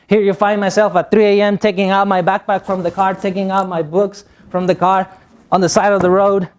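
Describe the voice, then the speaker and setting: High-voiced man with a Guatemalan accent. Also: little pitch movement, a little fast. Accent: Guatemalan Spanish. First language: Spanish. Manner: joking storyteller, acts out voices. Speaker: motivational speaker. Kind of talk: motivational speech to youth.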